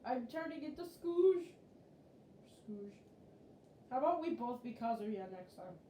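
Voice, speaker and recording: A woman's voice: a little high, animated, measured pace, mellow. A young woman streaming a video game, chatting playfully and breaking into laughter often. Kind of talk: casual gameplay chat. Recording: echoey room with faint noise.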